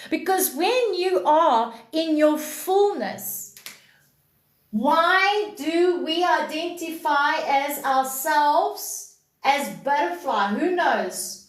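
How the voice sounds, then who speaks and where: A woman giving a spiritual talk on a live stream, answering her chat and repeating key phrases slowly for emphasis. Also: high-pitched, animated, reverberant.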